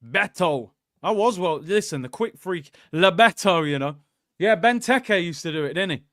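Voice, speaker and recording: A young man hosting a live football watchalong, reacting excitably and joking with viewers. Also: high-pitched, moderate pace, no room sound, studio quality. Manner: excitable, jokey banter with viewers. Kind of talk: live match watchalong commentary.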